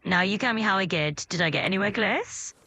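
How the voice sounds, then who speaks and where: A woman's voice: medium pitch, lively intonation, brisk, sharp tone, a little hiss or hum. A woman's voice with a British accent, an AI voice assistant chatting in an upbeat, soothing and accommodating way. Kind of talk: chatbot conversation.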